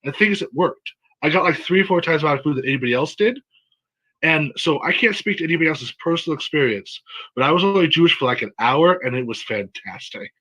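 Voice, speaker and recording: A man from San Diego doing a stand-up set, telling jokes and a story in a deadpan way. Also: fairly high pitch, fast, poor audio. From San Diego, USA. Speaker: stand-up comic.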